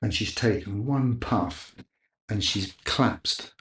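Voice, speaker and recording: A middle-aged man recounts a chaotic tale from a film shoot, slipping into other people's voices as he goes. His voice sits on the low side, and the recording carries a roomy echo. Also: takes it slowly, a little hiss or hum. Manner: animated anecdote teller, acting out others' lines. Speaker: camera operator guest. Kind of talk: casual storytelling interview.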